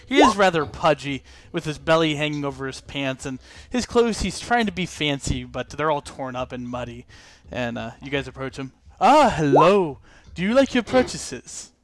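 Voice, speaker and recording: A man's voice: mid-range voice, normal speed, dry recording. A man running a tabletop game as game master, narrating loosely with many fillers. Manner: relaxed, filler-heavy narration.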